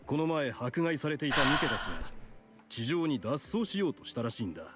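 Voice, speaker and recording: An actor playing a smooth, self-serving middle-aged male doctor in a video game, calm and polite in a matter-of-fact way. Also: medium pitch, very fast, faint music behind. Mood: explaining. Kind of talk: game voice acting.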